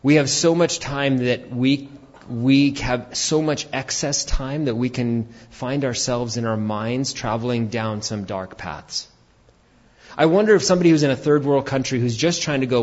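Husky-voiced man preaching a sermon. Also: mid-range voice, moderate pace, highs cut off. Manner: animated preaching, shouting for emphasis. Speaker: pastor.

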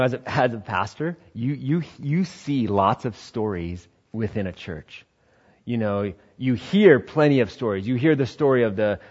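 A man in the pastor role preaching a sermon in an animated way, sometimes acting out other voices. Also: highs cut off. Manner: animated, acts out quoted voices with high shouts and laughs.

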